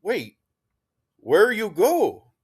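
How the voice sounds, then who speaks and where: A man's voice: mid-range voice, moderate pace, voice pushed up, lightly acted. A man voicing a protective woman soldier who speaks insistent, broken English.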